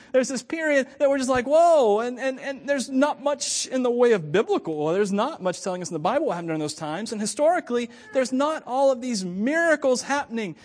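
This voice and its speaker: A man's voice: extremely high pitch, expressive, fairly quick. A man, a pastor, giving a conversational sermon with joking asides.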